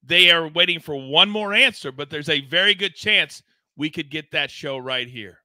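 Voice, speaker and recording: A man's voice: a little high, moderate pace, pushed and bright, dry recording. A man hosting a live sports betting show, talking in a hyped, teasing, promotional way. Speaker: host.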